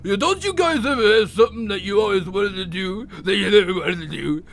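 Man doing a humble mumbling boxer, plain spoken, bit loud. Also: high-pitched, brisk. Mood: pleading.

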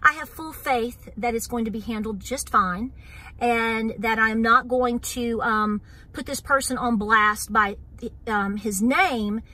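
She's a bright-voiced vlogger from East Tennessee in Southern Appalachia, hosting a homestead channel and talking casually to viewers. Her pitch is fairly high and her pace slow. Earnest and wound up, she says y'all and keeps repeating "so here's the deal."

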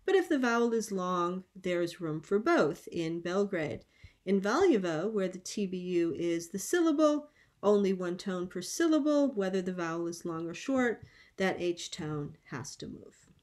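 A woman lecturing on linguistics at an academic colloquium, speaking in a measured, explanatory way with frequent pauses and ums, over a video call. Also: fairly low pitch, lively intonation, darkish tone. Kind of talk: academic conference talk.

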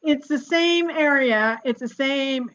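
A woman in her sixties, a genealogist guest, telling family stories in a lively, chatty way and laughing often. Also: sits high, takes it slowly, dull audio. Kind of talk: casual storytelling conversation.

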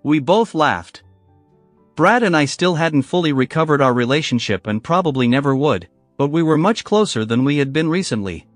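A man narrating a first-person story in a scripted, measured storytelling manner. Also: fairly high pitch, dry recording.

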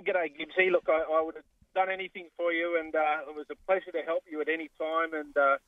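A man's voice: a little high, flat delivery, quick pace, no echo. A man with an Australian accent joining a radio show by phone, friendly and joking. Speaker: guest. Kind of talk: phone interview. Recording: tinny phone line.

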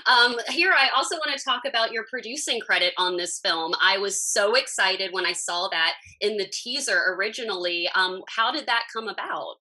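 A young woman hosts an entertainment interview, gushing and chatty. Her voice is bright and forward, with a breathy edge. She fills her questions with casual asides. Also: mid-range voice, moderate pace, few pauses, rough recording. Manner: gushing, uses like and you know a lot.

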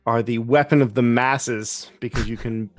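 A man's voice: medium pitch, steady tone, moderate pace, no echo. A man playing in a tabletop game, casual and joking, often laughing. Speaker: player.

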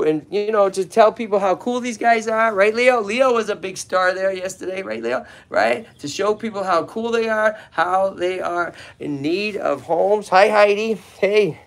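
A man from Lowell with a Massachusetts accent, hosting a casual livestream outdoors and chatting eagerly with viewers and his animals. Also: gravelly. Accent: Boston-area Massachusetts. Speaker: tortoise sanctuary host. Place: outdoors at a tortoise yard. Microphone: handheld phone camera, filming himself.

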